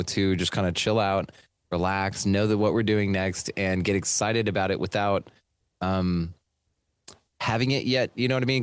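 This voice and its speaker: Low-voiced American man hosting. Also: dry recording. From United States. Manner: laughs often, thinks out loud. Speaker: podcast host. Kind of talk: casual chat.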